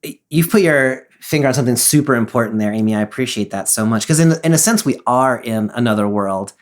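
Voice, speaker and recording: A man's voice: medium pitch, animated, quick pace. A man co-hosting a Bible podcast who also teaches a class, explaining context eagerly in casual talk. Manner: enthusiastic, explanatory, many fillers. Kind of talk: casual discussion of a Bible passage.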